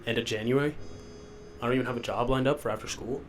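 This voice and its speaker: Speaking quickly with fairly even intonation, a young adult host runs a solo podcast from the basement of a rented house while sick and sniffly. His medium-pitched voice is loopy and self-deprecating as he rambles, with a little hiss or hum in the recording.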